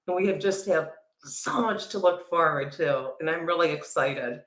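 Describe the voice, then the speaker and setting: A woman teacher speaking as a guest on a livestream, slow, dreamy and soft-spoken. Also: low-pitched, reverberant, poor audio. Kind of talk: livestream casual chat.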